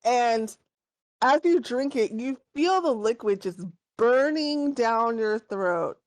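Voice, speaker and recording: A woman's voice: on the high side, expressive, takes it slowly, dry recording. A woman narrating a tabletop game as game master, describing scenes in a rambling way full of fillers.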